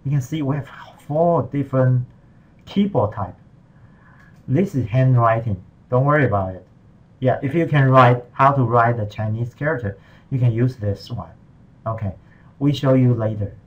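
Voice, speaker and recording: A man's voice: medium pitch, highs cut off. A man teaching Mandarin in a patient, step-by-step tutorial, walking through the screen in simple, non-native English. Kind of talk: screen-recorded tutorial lesson.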